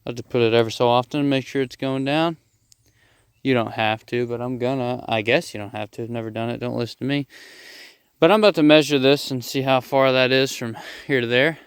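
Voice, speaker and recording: A man casually explaining a DIY job as he works outdoors, rough-spoken, swearing freely and joking at his own expense. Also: medium pitch, steady tone, a little fast, no echo, studio quality. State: out of breath at times. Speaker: DIY vlogger. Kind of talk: casual how-to narration while working outdoors. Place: outdoors at a digging site.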